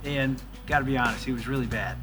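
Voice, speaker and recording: A man in his sixties, a pastor, telling the story of his ministry in a casual, animated way. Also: medium pitch, fast talker, music in the background. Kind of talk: church service talk and testimony.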